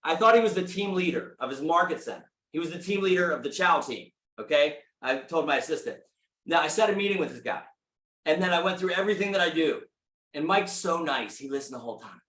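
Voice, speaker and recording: A man giving an energetic motivational talk to a live audience, telling stories and asking the room questions. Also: a little high, fast. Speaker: speaker at a real estate meeting. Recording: echoey room.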